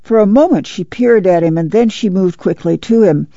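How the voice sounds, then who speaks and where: Gravelly narrator, mellow tone, dry and muffled. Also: mid-range voice, normal speed, dry recording. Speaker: audiobook reader. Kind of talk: scripted narration.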